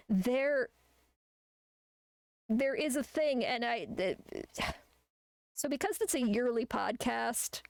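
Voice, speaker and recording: A woman's voice: a little high, vocal fry, darkish tone, no room sound. A woman chatting casually while she draws on a live art stream, rambling and ranting with plenty of swearing. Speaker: artist streamer.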